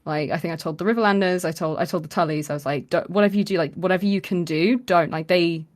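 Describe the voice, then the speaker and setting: A woman's voice: fairly low pitch, quick pace. A woman co-hosting a podcast, telling a story in casual chat and acting out the quoted lines with lots of fillers. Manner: animated retelling, acts out quoted lines with many fillers. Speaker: podcast co-host.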